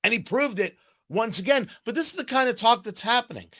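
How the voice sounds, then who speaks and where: A man's voice: very high-pitched, a little fast. A man hosting a political talk show, delivering a sarcastic, mocking commentary monologue. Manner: sarcastic, animated, mocking asides.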